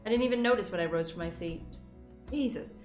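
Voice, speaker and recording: A young Scottish woman with a Scottish accent reads a story game aloud, reacting in an animated, swearing, laughing way. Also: medium pitch, a little fast, roomy sound, faint music behind. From Scotland. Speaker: gaming YouTuber.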